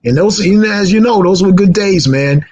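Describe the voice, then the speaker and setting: A man telling stories in a relaxed chat, with a slightly high voice. He is animated and drops into acted quotes. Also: moderate pace, husky, dull audio. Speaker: radio guest. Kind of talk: casual storytelling.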